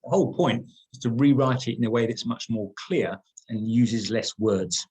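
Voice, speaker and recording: A man's voice: mid-range voice, moderate pace, a little mellow, husky, low-quality recording. A middle-aged man leading an online training workshop, talking conversationally, repeating words and stressing key points. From England.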